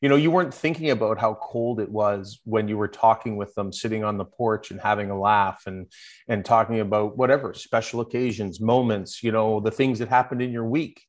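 A man with a fairly low voice speaks as a guest on a podcast. He sounds earnest and persuasive, building his points one after another. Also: a little fast. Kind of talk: casual interview chat.

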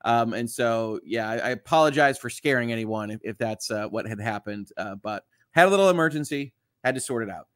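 A man's voice: medium pitch, a little fast, few pauses, a bit bright, no room sound, studio quality. A man who is a lawyer, hosting a casual live stream and reading viewer comments aloud in a chatty way, with lots of fillers. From Southeast Michigan.

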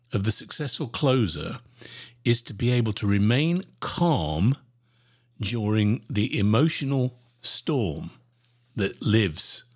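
Husky low-voiced guy doing a sales coaching podcast, really lively, jumps up on key words. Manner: animated, emphatic coaching delivery with sudden pitch jumps. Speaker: sales trainer podcast host. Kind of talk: solo podcast talk.

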